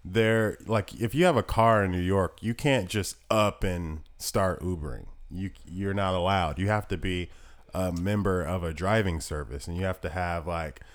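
Low-voiced man in casual chat. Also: moderate pace. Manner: animated storytelling, swearing, slangy.

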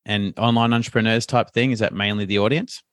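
Animated chatty man. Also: on the low side, a little fast, dry recording, clean studio sound. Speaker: podcast guest, coach. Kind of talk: casual interview chat.

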